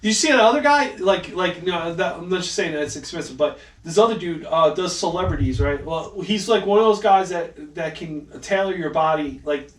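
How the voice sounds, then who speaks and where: A man co-hosting a casual podcast, telling stories animatedly, acting out quotes and swearing freely. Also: on the high side. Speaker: podcast co-host. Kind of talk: casual chat. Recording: echoey room, mic at a distance, faint hiss.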